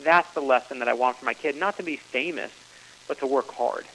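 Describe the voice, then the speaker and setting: Earnest bright-voiced male author. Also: mid-range voice, a little fast, slight background noise, low-quality recording. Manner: earnest storytelling, many restarts. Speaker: author and guest. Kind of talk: radio interview.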